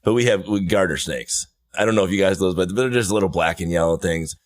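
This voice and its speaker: A man hosting a podcast, telling stories in a casual, animated, laughing way. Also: low-pitched, fast. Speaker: podcast host. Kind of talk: casual chat.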